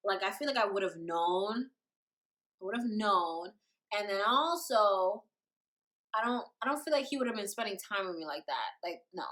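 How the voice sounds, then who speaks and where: Young woman, storytime vlog, very lively pitch, dramatic, slangy. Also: moderate pace. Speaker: vlogger.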